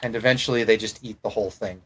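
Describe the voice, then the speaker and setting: A man's voice: fairly low pitch, fairly even intonation, quick pace, slight background noise, rough recording. A man running a tabletop role-playing game as game master, narrating casually with fillers and restarts.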